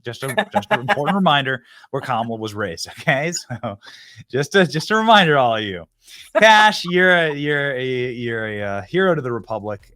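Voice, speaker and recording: A man's voice: medium pitch, very animated, normal speed, sharp tone, no room sound, soft background music. A man hosting a political interview show in a loose, rambling, mocking way. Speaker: host.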